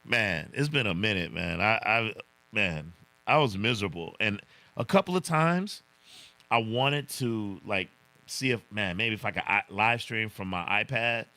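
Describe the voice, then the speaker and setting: A man's voice: fairly low pitch, animated, unhurried, bright, forceful tone, no room sound. A man hosting a casual livestream, reading viewer comments in a laid-back way, chuckling often and saying "man" a lot. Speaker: livestream host.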